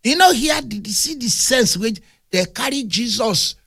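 A man with a Nigerian accent preaching a humorous, animated sermon that mixes storytelling with playful big words. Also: extremely high pitch, moderate pace, creaky, husky, dry recording, studio quality.

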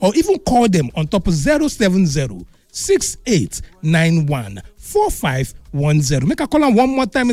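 A man's voice: high-pitched, no echo. Man, Nigerian Pidgin accent, radio co-host, playful ad read, dry close sound. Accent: Nigerian Pidgin English. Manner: playful, lively ad delivery. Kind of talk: casual banter and ad read.

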